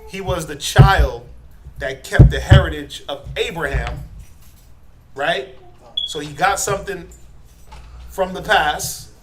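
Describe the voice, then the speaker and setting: A middle-aged man teaching a Bible class, quizzing his students and tagging his points with "right?", building to forceful emphasis. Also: fairly high pitch, noisy background. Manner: asks the class questions, tags lines with "right?".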